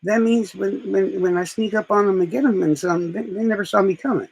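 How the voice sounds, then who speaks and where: Male streamer, casual chat; rough, husky voice, rambling delivery. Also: high-pitched, a little fast, a little mellow, rough recording. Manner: rambling, profane storytelling.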